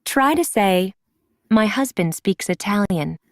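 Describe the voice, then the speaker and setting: A woman's voice: medium pitch, lively intonation, unhurried, no room sound. A woman giving scripted prompts as the instructor of a recorded language course. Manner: clear, prompting. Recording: dry studio recording from a course.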